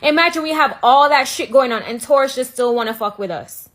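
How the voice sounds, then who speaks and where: A Jamaican woman rants straight to camera, her high voice sassy and emphatic. She mocks and scolds her critics without letting up. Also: fairly quick, few pauses, fairly bright tone. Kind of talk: ranting to camera.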